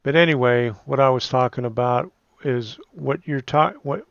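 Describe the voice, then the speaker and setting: A man with a Pittsburgh accent talks through a screen recording in a casual, halting way with "um" fillers. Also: medium pitch, creaky, no echo, lo-fi sound. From Pittsburgh, USA. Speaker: YouTuber giving channel tips.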